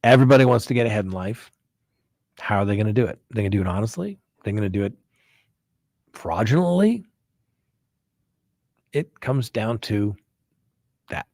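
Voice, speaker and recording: Husky-voiced man in casual talk. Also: on the low side, quick pace, darkish tone, no room sound, studio quality. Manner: conversational, folksy, frequent "right?" asides. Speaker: host, criminal defense attorney. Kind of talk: casual live-stream talk.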